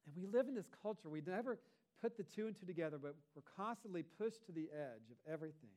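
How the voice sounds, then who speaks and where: A man's voice: high-pitched, lively intonation, fast, warm tone. A man, a pastor, preaching a sermon in a conversational way, with rhetorical asides to the congregation.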